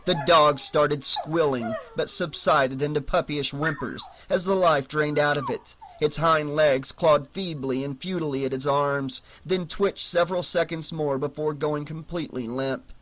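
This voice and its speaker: A man narrating a horror novel audiobook in a steady, measured storytelling voice. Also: a little high, a little hiss or hum.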